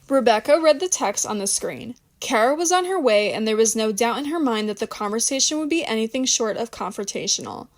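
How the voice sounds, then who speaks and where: A woman narrating an audiobook in a steady, even reading voice. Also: a little high, a little fast, few pauses.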